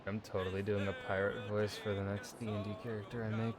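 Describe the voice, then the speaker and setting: A man's voice: on the low side, little pitch movement, quick pace, over a noisy crowd. A man streaming a video game, chatting casually to himself and viewers, swearing freely and cracking jokes. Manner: profane, joking, talks to himself. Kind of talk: casual gameplay commentary.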